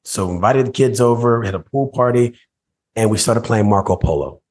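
Husky low-voiced man telling a story. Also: moderate pace. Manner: animated storyteller who acts out voices and scenes. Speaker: motivational speaker, guest. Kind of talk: storytelling in a podcast interview.

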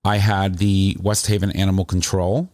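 A man with a low, voice recounts a story in loose, rambling chat, animated and emotional as he goes. The sound is close and dry, with no room around it. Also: normal speed, no echo.

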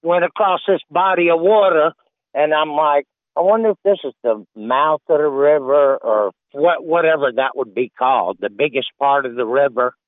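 A man's voice: fairly high pitch, moderate pace, no echo. An older man calling in to a radio show, rambling in a folksy way. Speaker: caller. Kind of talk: phone-in chat. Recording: tinny phone line.

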